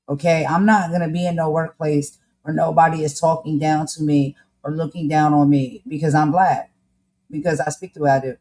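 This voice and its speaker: A woman's voice: deep voice, a little mellow. A woman with a New Jersey accent tinged with North Carolina, speaking emphatically as a podcast co-host in casual commentary. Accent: New Jersey with a touch of North Carolina. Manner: emphatic, fired-up, uses "y'all" and "okay?".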